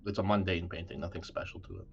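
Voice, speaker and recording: A man narrating a tabletop game as game master, relaxed and hesitant with many fillers. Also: low voice, quick pace, creaky. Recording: dull lo-fi mic.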